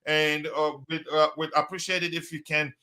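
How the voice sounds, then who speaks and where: A man's voice: fairly high pitch, flat delivery, normal speed, sharp tone, clear, resonant tone. A man hosting a casual live stream, talking loosely with many fillers and reading out viewers' messages. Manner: hesitant, many fillers, reads chat aloud.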